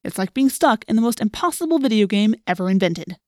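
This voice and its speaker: A woman's voice: medium pitch, fairly quick, a little mellow, dry recording, studio quality, close to an everyday voice. Sarcastic teenage boy, wisecracking, voiced by a woman narrator, storybook read. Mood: mocking.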